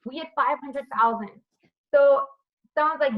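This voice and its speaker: A woman's voice: high-pitched, normal speed, narrow, tinny audio. A woman teaching history over a video call, asking students questions by name and checking with "right?". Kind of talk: online class lecture with questions. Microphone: computer mic on a video call.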